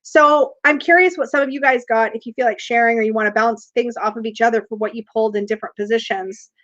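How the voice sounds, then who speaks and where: A woman's voice: fairly high pitch, steady tone, fast, a bit bright. A woman hosting a casual tarot livestream, chatty, reading viewer comments aloud and laughing often. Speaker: tarot reader and livestream host. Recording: dull lo-fi livestream audio.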